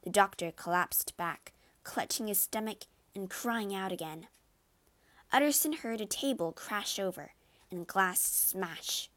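A woman narrating a classic story in a measured, expressive storybook reading. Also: medium pitch.

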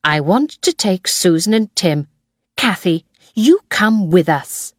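A woman's voice: fairly low pitch, lively intonation, slow, dry recording, clean studio sound. A woman reading a friendly young aunt. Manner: friendly and eager. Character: warm young aunt and teacher.

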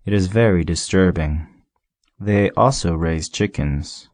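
A man voicing a wise, lonely male fox in an audiobook, explaining things gently and in measured phrases. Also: low voice, dry recording. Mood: musing. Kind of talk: audiobook character reading.

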